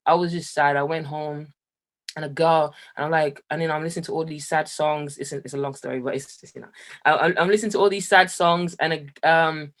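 A young man from Jamaica, telling his personal story as an interview guest, animated and laughing often. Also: a little high, brisk. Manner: animated, laughs often, voice rises when excited. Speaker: guest, musician.

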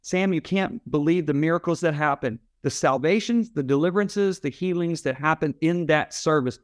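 A man's voice: a little high, normal speed. Emphatic man telling a dramatic story. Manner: dramatic, emphatic preacher-like storytelling with quoted dialogue. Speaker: interview guest, Christian author and speaker. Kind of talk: animated storytelling.

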